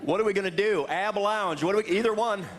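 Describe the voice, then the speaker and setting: A man doing stand-up comedy on a club stage, animated and jumping into loud high voices for his bits. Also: a little fast, a little hiss or hum. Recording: live club recording with crowd laughter. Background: laughing audience.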